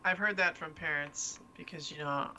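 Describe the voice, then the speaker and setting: A woman's voice: low voice, moderate pace, bright, forceful tone, slight background noise. A woman who works as an instructor, chatting casually on a live show, rambling and laughing between sentences. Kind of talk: casual chat.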